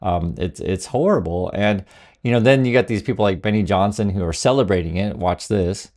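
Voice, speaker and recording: A man's voice: low voice, a little fast, a little mellow. A man hosting casual political commentary, sarcastic, with many fillers and restarts.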